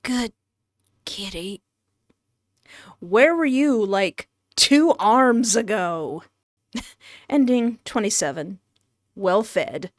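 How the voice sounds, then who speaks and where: A woman's voice: medium pitch, no room sound, studio quality. A woman streaming a horror game, reading its text dramatically and bantering with the narrator. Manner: animated, banters with the game's narrator; dramatic, slowed delivery when reading narration. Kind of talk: let's play commentary, reading game text aloud.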